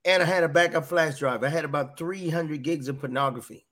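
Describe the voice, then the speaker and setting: Briskly and in a fairly high, fairly bright voice, a middle-aged man gives his earnest personal testimony on a podcast. He keeps repeating phrases and slips into quoted dialogue.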